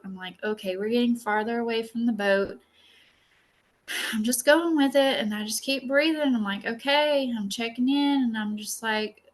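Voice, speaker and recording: A woman healer teaching an online class in a chatty, animated way, full of filler words and personal stories. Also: medium pitch. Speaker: psychic healer and masterclass teacher. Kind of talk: casual spoken lesson with a personal story.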